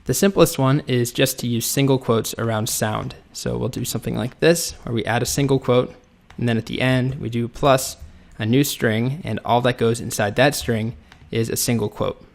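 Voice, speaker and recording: This man's mid-range voice is creaky, and he speaks at normal speed with few pauses. He's a coding instructor recording his screen, relaxed as he types and explains step by step.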